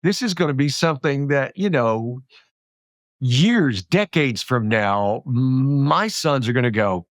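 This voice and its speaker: A man's voice: mid-range voice, measured pace, dry recording. A man hosting a podcast, reflecting aloud in a thoughtful, rambling way with many restarts, close to the mic. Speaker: podcast host. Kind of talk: reflective interview chat.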